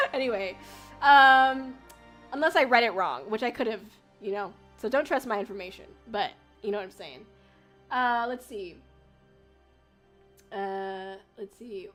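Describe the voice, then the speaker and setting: A young woman streaming live, rambling through casual chat with plenty of fillers and curse words. Her voice sits a little high and sounds bright and forward. Faint music plays underneath. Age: young adult. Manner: rambling and chatty, lots of fillers and swearing. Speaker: VTuber streamer. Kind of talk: casual livestream chat with viewers.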